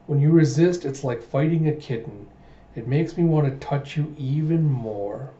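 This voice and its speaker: A man's voice: fairly high pitch, moderate pace, dark tone, close to an everyday voice. A man reading as a smug young nobleman. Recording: roomy, dull home recording.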